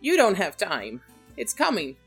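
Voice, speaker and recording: A man's voice: high voice, huge pitch swings, measured pace, gravelly, a bit bright, husky, soft background music, pitched above the performer's own voice, heavily acted, poor audio. A woman voicing a frail, panicked little male gnome who gasps and pleads breathlessly. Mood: frantic.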